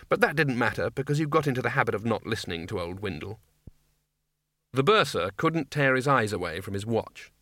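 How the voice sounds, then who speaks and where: A man's voice: medium pitch, a bit bright, dry recording. A man reading a comic fantasy novel aloud as an audiobook narrator, with dry, wry storytelling. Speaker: audiobook reader.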